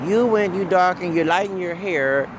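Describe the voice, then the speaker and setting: A man's voice: sits high, moderate pace, highs cut off, noisy background. A man from Texas, ranting casually as a vlogger, rambling, stumbling over repeated "uh"s and tagging lines with "okay?". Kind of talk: casual rant to camera.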